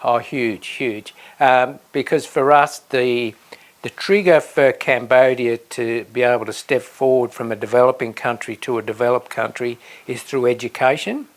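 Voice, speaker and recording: A man's voice: medium pitch, steady tone, moderate pace. Earnest man explaining. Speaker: Rotary volunteer. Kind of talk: conversational interview.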